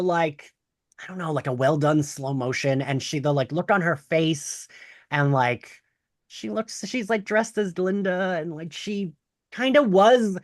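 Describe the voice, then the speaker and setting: A man hosting a video podcast, chatting loosely and excitably about a show. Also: sits high, no room sound, studio quality. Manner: loose, excitable, swears casually. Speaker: podcast host. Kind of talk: casual pop-culture chat. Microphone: close mic on camera, dry.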